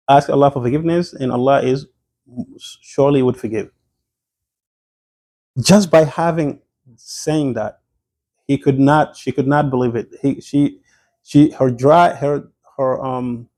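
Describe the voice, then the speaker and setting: A sheikh delivering a sermon, a man with a mellow, warm voice at a middling pitch. He retells the story earnestly, throws out emphatic questions and often restarts his sentences.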